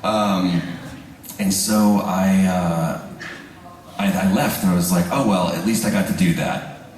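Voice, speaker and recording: A man, a voice actor, telling jokey, animated stories on a live convention panel and laughing often. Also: low-pitched, unhurried. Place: large convention room with audience. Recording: echoey hall, audience noise, from far off.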